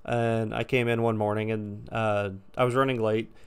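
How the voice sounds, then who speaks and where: Smooth-voiced man telling a story, exasperated. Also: lowish voice, moderate pace. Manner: animated, exasperated, swears a lot. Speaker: storytime vlogger. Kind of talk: casual storytelling.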